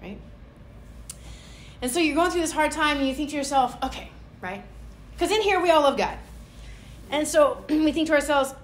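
A woman's voice: high voice, expressive, moderate pace, long pauses, slight background noise. A woman pastor preaching a conversational sermon, playfully acting out little prayer scenes. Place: church hall. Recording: echoey church room.

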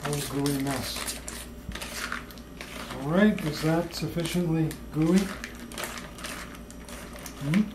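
A home cook talking through baking in a slow, whimsical, playfully mock-serious way in a kitchen. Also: mid-range voice, roomy sound, noisy background. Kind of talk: playful cooking video banter.

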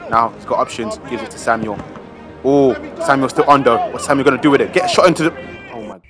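A young-sounding man calls a football match for his own club in a loose, slangy commentary style, cheering and groaning over each play. His voice sits at a middle pitch, with a music bed and crowd noise running underneath. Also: fast. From South London. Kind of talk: excitable amateur football commentary.

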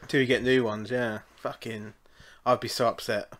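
A man's voice: mid-range voice, flat delivery, moderate pace, a bit bright. Laughing, chatty young man. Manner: laughs easily, chatty, sweary. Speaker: podcast co-host. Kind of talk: casual chat.

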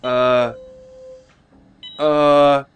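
A man doing jokey, excitable gameplay commentary, yelping and muttering as he plays. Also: medium pitch, very slow, smooth. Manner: excitable, jokey, swears mildly, yelps when hit. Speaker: let's play gamer. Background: game music.

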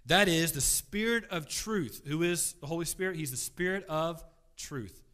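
Slightly high-voiced guy teaching a church bible class, punchy stress then quiet asides. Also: expressive, normal speed. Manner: emphatic, swings between loud stress and quiet asides; repeats words when restarting.

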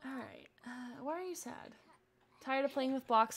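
A woman's voice: high-pitched, measured pace. A young woman streaming a life-sim game, chatting and coaxing her characters along with frequent laughs. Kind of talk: casual gameplay commentary.

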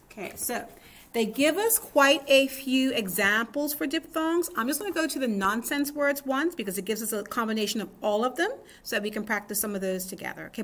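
A woman's voice: fairly high pitch, a bit bright. Upbeat woman teaching kids phonics. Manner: upbeat, encouraging, says "okay?" often. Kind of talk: phonics lesson for children.

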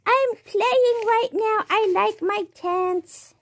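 A proud, playful little male pet cat speaks in a squeaky, gushing baby voice that sits very high, as a woman puts it on. His sound is thin and unlike an ordinary speaking voice. He bubbles with delight at everything around him. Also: takes it slowly, full character voice.

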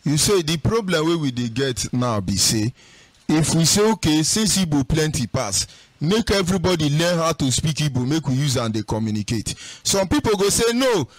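A man speaking Nigerian Pidgin as a host answering questions, in a sing-song, animated way that acts out other people's voices. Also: a little high, normal speed, no room sound. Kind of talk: casual spoken commentary.

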